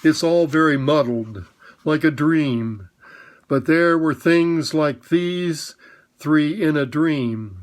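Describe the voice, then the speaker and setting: A man voicing a gentle talking horse who speaks slowly and thoughtfully, as if half remembering a dream. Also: medium pitch, natural voice. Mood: musing. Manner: slow, thoughtful, muddled. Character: slow, gentle old cab horse.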